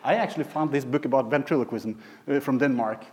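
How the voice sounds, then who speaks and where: Chuckling, halting male pediatric radiologist. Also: medium pitch, darkish tone. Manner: halting, many fillers and restarts, chuckling asides. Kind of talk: lecture with anecdotes.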